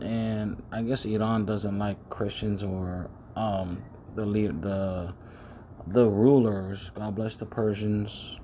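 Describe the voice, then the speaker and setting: A man's voice: lowish voice, fairly even intonation, takes it slowly, pauses often, dark tone, a little hiss or hum. A man preaching in a rambling monologue, often repeating words, speaking close to the microphone. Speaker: self-styled preacher.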